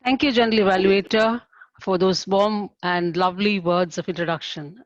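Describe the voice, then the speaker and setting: A woman's voice: mid-range voice, steady tone, normal speed, no echo, highs cut off. A woman giving formal, encouraging feedback as a speech evaluator at a club meeting, heard over a video call.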